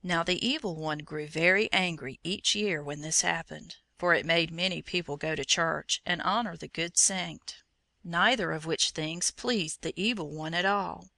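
A woman narrating a children's storybook legend in a gentle, even storytelling manner. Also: on the low side, measured pace, vocal fry, no room sound.

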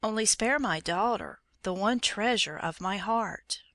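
A woman's voice: medium pitch, unhurried, pushed and bright, no echo. A woman voicing a grief-stricken old king who pleads in a trembling voice. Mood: pleading.

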